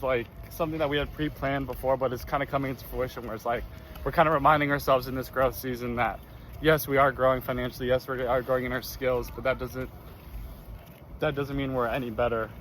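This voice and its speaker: A man's voice: medium pitch, fairly bright tone, slight background noise. A young man in casual chat, agreeable and affirming, talking outdoors. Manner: agreeable, affirming, says "yeah" and "bro" often. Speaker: co-host. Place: outdoors near traffic.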